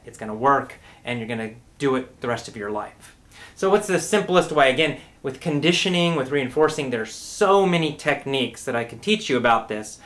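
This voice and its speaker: A middle-aged man giving a casual spoken lesson, talking in a relaxed way, repeating words and often checking in with "right?". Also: on the high side. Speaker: English teacher.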